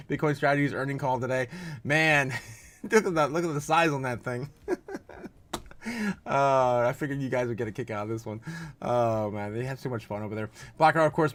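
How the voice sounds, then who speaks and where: A man in a mid-range voice hosts a loose crypto livestream, chatting straight to his viewers and reading their comments aloud. He laughs easily and swings from rambling, filler-packed asides into loud, hyped-up bursts. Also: medium pitch. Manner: excitable, laughs often, loud bursts of hype; frequent filler uhs and restarts. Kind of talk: casual live-stream commentary reading chat.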